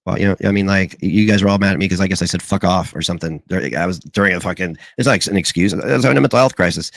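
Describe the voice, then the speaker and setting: A man's voice: deep voice, very fast, no room sound. A man in his forties on a casual livestream, rambling and swearing with many restarts.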